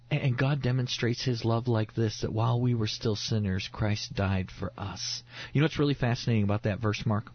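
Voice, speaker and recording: A man's voice: lowish voice, husky, muffled recording. A man who is a pastor, preaching earnestly in an interview and repeating his key phrases for emphasis.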